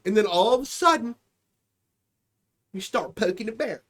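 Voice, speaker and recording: A man's voice: high-pitched, animated, moderate pace, long pauses. A man hosting a comedy podcast, ranting in a profane, rambling monologue and slipping into mocking voices. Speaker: podcast host. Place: home streaming setup.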